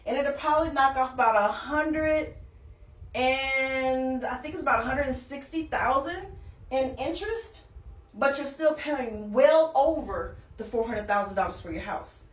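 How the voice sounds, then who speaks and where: A financial educator with a high-pitched, unhurried voice casually walks through a mortgage example, often asking her listeners "okay?" as she goes. The recording is echoey, with her voice captured from a distance and off-mic.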